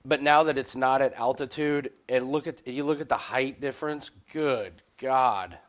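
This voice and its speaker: A man with a mid-pitched, ordinary voice talks through a live fight on a betting stream. He restarts his sentences often, stumbling over the first words before he gets going. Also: moderate pace. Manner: stammering restarts, bursts of excited laughter. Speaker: host and betting analyst.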